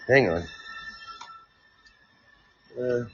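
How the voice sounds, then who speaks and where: A man's voice: mid-range voice, very slow, slight background noise. A man hosting a rambling solo podcast, reading and ranting with profane, sarcastic, self-mocking asides, recorded at his workplace. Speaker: podcast host. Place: at work, fielding coworkers. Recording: dull lo-fi recording with faint music.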